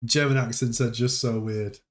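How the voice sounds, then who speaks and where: A man hosting a casual crypto livestream, laughing often between his unhurried remarks. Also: medium pitch, fairly even intonation, background noise.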